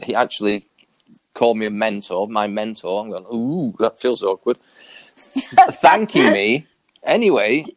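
Man, interview guest, low voice, dry close sound; animated storyteller who acts out the lines he quotes. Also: no room sound. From New York area. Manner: animated, acts out quoted dialogue with big pitch jumps. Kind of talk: casual storytelling.

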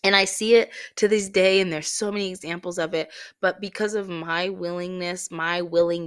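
A woman's voice: lowish voice, fairly even intonation, moderate pace, hardly any pauses, a bit bright. A woman hosting a podcast, telling a personal faith story in a heartfelt way, close to tears at times. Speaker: podcast host.

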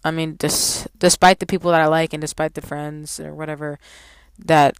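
A young woman vents in a casual storytime rant, heavy on swearing and exasperation. Her voice is smooth and clean, recorded close and dry with no room sound. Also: deep voice, little pitch movement, moderate pace, no room sound, rough recording. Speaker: vlogger.

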